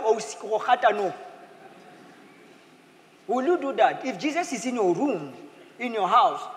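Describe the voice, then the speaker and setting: A man preaching a sermon as pastor, in a lively manner, slipping into playful acted quotes. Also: very high-pitched. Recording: echoey hall with faint ambience.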